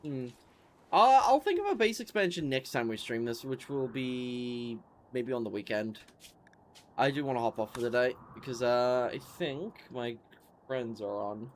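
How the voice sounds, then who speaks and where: This gamer's voice is mid-range, expressive, and unhurried, with a little hiss or hum on the recording. Sleepy and yawning, he reads menu items and rambles in a tired, offhand way as casual commentary on his stream.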